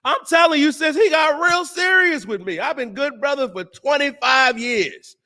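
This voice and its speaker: A man hosting a talk show, preaching on scripture in slangy, emphatic speech and drawing out the verses slowly. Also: extremely high pitch, expressive, bright, forceful tone. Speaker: host and teacher.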